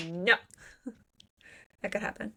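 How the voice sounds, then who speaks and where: Gravelly voiced woman cohosting a book podcast, blunt and jokey, bit crude. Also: medium pitch, noisy background. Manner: blunt, joking, playfully crude. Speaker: podcast co-host. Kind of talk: casual book discussion.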